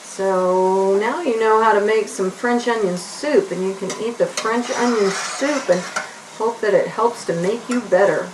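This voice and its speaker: Woman cooking host, unhurried chatty delivery, echoey kitchen, mic a little distant, faint sizzling. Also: medium pitch, background noise. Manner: chatty, talks to herself while stirring. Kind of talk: casual cooking demonstration for kids. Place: home kitchen. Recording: roomy kitchen, mic set back. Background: onions sizzling in a pan.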